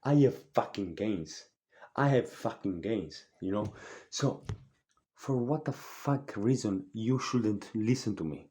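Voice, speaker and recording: His warm voice is on the low side, slow-paced but lively in intonation. The speaker is a nineteen-year-old native Spanish speaker doing a fitness vlog, and his motivational talk is blunt, profane, and full of repetition.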